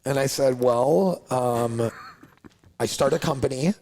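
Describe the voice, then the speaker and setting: A man's voice: mid-range voice, slow. A man, a coffee company founder, telling a story in casual conversation, acting out other people's lines and saying "like" a lot. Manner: animated, acts out others' lines, heavy use of "like".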